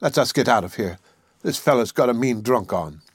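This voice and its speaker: A man voicing an angry young woman who scolds in a tart, shrill way. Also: lively intonation, normal speed, breathy edge, no room sound, studio quality. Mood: urgent half-whisper.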